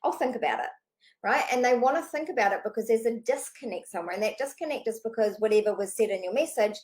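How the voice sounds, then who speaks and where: A woman business coach speaking unscripted straight to camera, talking fast and animated, casual and swearing freely. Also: fairly high pitch, low-quality recording.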